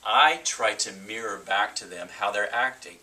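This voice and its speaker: A man's voice: fairly low pitch, normal speed, distant mic, noisy background. A man hosting a casual chat about real estate, joking and teasing his co-host. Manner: jokey, teasing.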